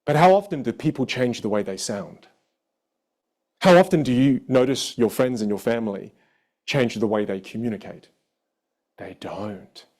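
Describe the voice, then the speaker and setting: Lively, animated male vocal coach. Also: medium pitch, moderate pace, pauses often. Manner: animated, expressive storytelling. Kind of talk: live online masterclass.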